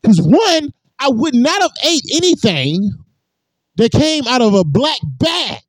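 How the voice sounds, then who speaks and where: A man telling a long, profane story in a casual podcast chat, swinging high and low as he acts it out. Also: sing-song, slow pace, no echo.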